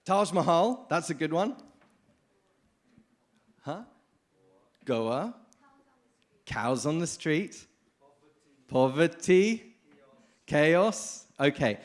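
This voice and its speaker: A man from the United Kingdom giving a lively, informal conference talk, often addressing the audience directly. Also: a little high, extremely slow, pauses often. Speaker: conference speaker. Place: conference hall.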